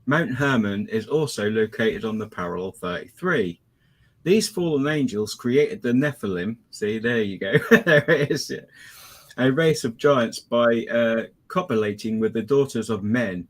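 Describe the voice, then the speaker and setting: A man's voice: mid-range voice, lively intonation, unhurried. A man co-hosting a podcast, chatting casually and speculatively about mysteries, often hedging his points. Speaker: podcast co-host. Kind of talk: casual conspiracy chat.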